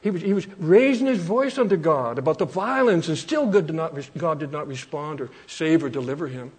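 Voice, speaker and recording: A man preaching a sermon from Canada, earnest and repeating phrases for emphasis, slowing down to quote scripture. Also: a little high, lively intonation, breathy edge.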